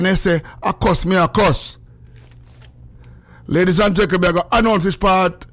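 High-voiced excitable Jamaican radio host. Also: male voice, moderate pace, long pauses. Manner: excitable, breaks into sing-song, loud exclamations. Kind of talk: casual radio chat.

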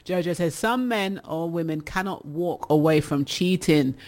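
A woman's voice: on the low side, a little slow, darkish tone. A woman hosting a casual advice show, reading listener messages and teasing them with laughter. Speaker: radio advice show host.

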